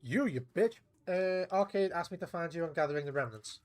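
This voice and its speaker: A man streaming a video game, talking to himself and his viewers in a loose, meandering way. He swears freely and restarts his sentences. His voice sits a little higher than most men's. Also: animated, a little fast, a little mellow. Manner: rambling and profane, with restarts and laughs. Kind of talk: casual gameplay commentary.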